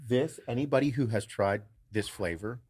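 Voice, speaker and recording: A man's voice: mid-range voice, normal speed, darkish tone, husky. A man co-hosting a podcast, telling a story in casual chat. He swears freely, acts out quoted lines and laughs often. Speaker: podcast co-host.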